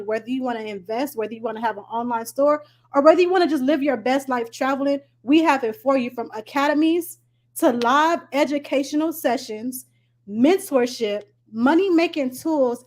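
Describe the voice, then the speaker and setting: Woman, high voice, eager casual pitch over a video call. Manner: excited, chatty, many fillers like "like". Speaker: presenter on a business call. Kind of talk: enthusiastic sales pitch. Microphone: online call.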